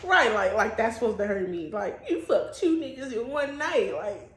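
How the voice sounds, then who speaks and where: A woman's voice: fairly high pitch, very animated, normal speed. Blunt, profane young woman telling a story. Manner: blunt, profane, laughs often. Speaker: vlogger. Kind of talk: casual storytime. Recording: echoey room.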